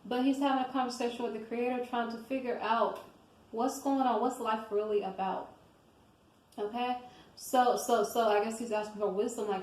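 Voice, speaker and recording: A woman with a fairly high voice gives casual devotional commentary on scripture. She talks in a loose, rambling way and keeps checking in with her listeners as she goes. The recording has the roomy echo of a bare room. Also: fairly even intonation, normal speed, darkish tone.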